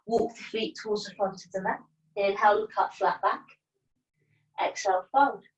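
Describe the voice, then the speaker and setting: A woman teaching yoga from home over a video call, her voice a little high. She gives calm breath cues and slips in playful asides. She sounds distant from the mic, in a roomy, echoing space. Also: normal speed, lo-fi sound. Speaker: yoga instructor. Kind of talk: guided yoga class cues. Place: at home, partner downstairs.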